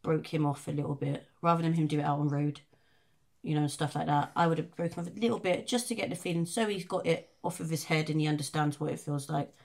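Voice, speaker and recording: A woman, a singer who is a guest on a podcast, telling a story in an animated way, swearing and laughing in casual chat. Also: low-pitched, quick pace, creaky.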